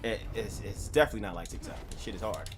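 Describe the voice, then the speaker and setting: A man's voice: fairly low pitch, quick pace. Young new guy streaming games, rambly n cussing, game music going behind him. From New York. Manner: rambling, profane, laughs at himself. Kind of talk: casual live-stream chatter.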